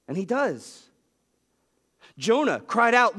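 A man preaching a sermon as pastor, telling a story with lively swings in pitch. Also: a little slow, pauses often. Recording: long reverb of a large hall.

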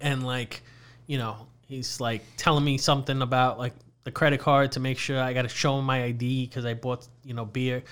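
A man's voice: mid-range voice, flat delivery, a little fast, a bit bright, smooth. A man co-hosting a podcast in casual chat, ranting and swearing as he tells irritated stories. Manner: profane, ranting, irritated storytelling. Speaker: podcast co-host.

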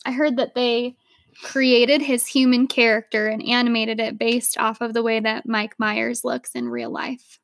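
A young adult woman co-hosting a podcast in casual chat, talkative and quick to laugh, with lots of "like". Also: fairly high pitch, dry recording, clean studio sound. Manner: chatty, lots of "like", laughs easily. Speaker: podcast co-host.

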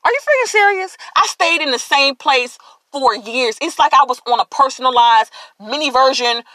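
A woman's voice: high voice, moderate pace, pushed and bright, no room sound. A woman hosting a podcast, giving an emphatic, preachy motivational faith talk and addressing listeners directly. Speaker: podcast host.

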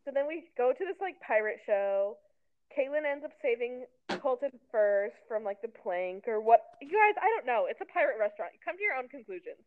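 A woman in her twenties co-hosts a casual recap podcast, her fairly high, expressive voice moving at a fairly quick clip. She's chatty and sarcastic and says "like" constantly. The recording has a tinny, phone-like quality.

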